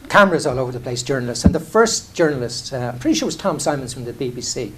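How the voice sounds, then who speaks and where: A man's voice: medium pitch, animated, very fast, fairly bright tone, breathy edge. A middle-aged Irish man, an airline chief executive, telling candid, self-deprecating stories in a conversational way, full of restarts and "you know". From Ireland. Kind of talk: candid anecdotal talk on stage.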